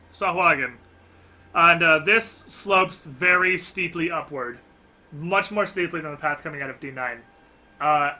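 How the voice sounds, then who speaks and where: Male GM, higher-set, very bright voice; rambling descriptive narration. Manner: descriptive, loose narration with many fillers. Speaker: game master. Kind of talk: narrating a tabletop game.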